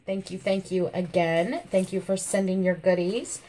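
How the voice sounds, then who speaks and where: A woman with a lowish, slightly hoarse voice chats casually to the camera as a vlog host. She gushes over every detail and repeats her thanks again and again, her throat catching now and then from a coming cold. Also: fairly even intonation, normal speed, dark tone, a little hiss or hum. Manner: gushing, repeats thanks and praise. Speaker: channel host showing a viewer's craft entry.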